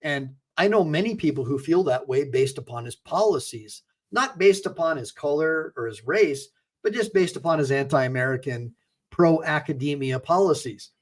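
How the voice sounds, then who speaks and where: A man's voice: fairly high pitch, lively intonation, normal speed. A middle-aged man delivering a livestream monologue in a slightly raised voice. He talks emphatically and preachily, stumbling and repeating words as he goes. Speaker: attorney and channel host.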